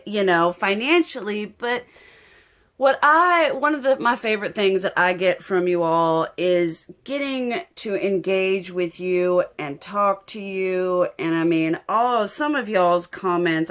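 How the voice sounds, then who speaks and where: A woman's voice: mid-range voice, a bit bright. A young adult woman chatting casually to her viewers while doing her makeup, rambling and heartfelt and often emotional. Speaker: beauty vlogger. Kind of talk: casual get-ready-with-me chat.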